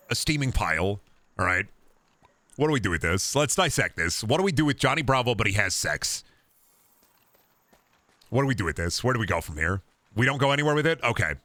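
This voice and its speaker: A man streaming a video game, chatting casually and profanely with his viewers in an animated way. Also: on the low side, dry recording. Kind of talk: casual gaming stream commentary.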